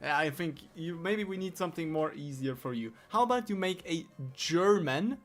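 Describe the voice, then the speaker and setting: A man's voice: fairly high pitch, expressive, normal speed, soft background music. Teasing, exasperated male game streamer. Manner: teasing, exasperated, swearing, laughing at the AI. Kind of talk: live-stream gaming chat.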